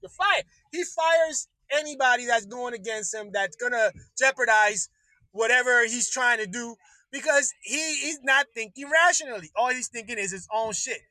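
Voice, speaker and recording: A man's voice: extremely high pitch, moderate pace, sharp tone, no room sound, rough recording. Male livestream host, casual rant, swears a lot, dry close-miked sound. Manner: profane, rambling, laughs often.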